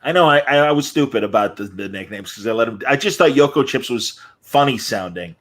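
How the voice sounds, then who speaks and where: A man chatting on a casual podcast, rambling through anecdotes with plenty of restarts and asides. His voice sits at an ordinary middle pitch, easygoing and conversational. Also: lively intonation, brisk. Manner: rambling storyteller, puts on silly voices. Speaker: podcast co-host. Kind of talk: casual chat.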